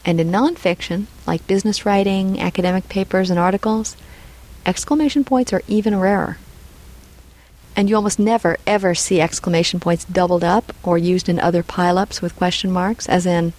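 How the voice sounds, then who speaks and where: A woman's voice: on the low side, steady tone, normal speed, darkish tone, poor audio. A woman narrating a scripted lesson on punctuation, reading example dialogue aloud and naming each punctuation mark. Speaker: writing instructor.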